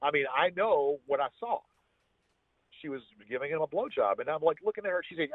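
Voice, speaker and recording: A man with a husky voice, a podcast guest telling a personal story in a rambling way, restarting his sentences often. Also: fairly high pitch, animated, brisk, dry recording. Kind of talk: casual storytelling. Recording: tinny, phone-like dry sound.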